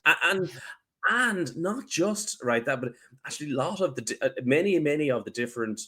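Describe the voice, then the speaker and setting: A man's voice: a little high, normal speed, husky. A man co-hosting a podcast, talking casually, sounding nasal and congested from a cold and often restarting his sentences. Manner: excitable, trails off and restarts often. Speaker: podcast co-host.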